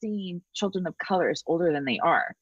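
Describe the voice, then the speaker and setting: A woman's voice: on the low side, expressive, brisk, slightly rough, dry recording, highs cut off. A woman co-hosting a casual podcast chat, talking in an emphatic, reflective way.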